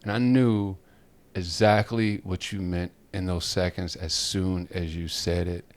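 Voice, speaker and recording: A man co-hosting a podcast, chatting casually and telling an animated, rambling story with frequent laughter. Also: low-pitched, a little slow. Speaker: podcast co-host. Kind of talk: casual chat.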